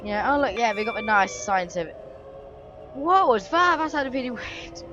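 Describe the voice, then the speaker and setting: A woman's voice: mid-range voice, lively intonation, a little fast, highs cut off, music in the background. A woman giving chatty, self-correcting commentary while she plays a game. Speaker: channel host. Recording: train engine noise underneath.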